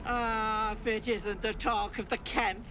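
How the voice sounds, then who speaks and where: An actress voicing a sly old hag who poses as a kindly auntie, cooing and folksy, calling everyone love and sweetie. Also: female voice, on the high side, steady tone, a little slow, lightly acted. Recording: game audio with music behind.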